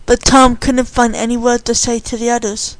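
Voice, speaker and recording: A woman reading a story aloud with slow, expressive storytelling narration. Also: fairly high pitch, dry recording, rough recording.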